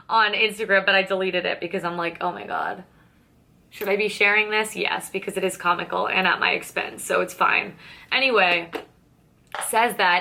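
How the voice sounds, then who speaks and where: A young woman with a bright, forward voice talks straight to the camera while doing her makeup. She is candid and sarcastic, swears freely, and plays both sides of a conversation as she tells the story. Her pitch stays in an ordinary middle range. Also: vocal fry. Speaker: beauty vlogger. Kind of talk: casual chatty get-ready-with-me storytelling.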